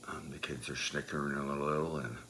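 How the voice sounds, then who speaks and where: A man telling a personal story in a loose, animated way, moving from quiet asides to loud, emphatic bursts. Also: very deep voice, quick pace, a little hiss or hum. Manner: loose, with many fillers and restarts.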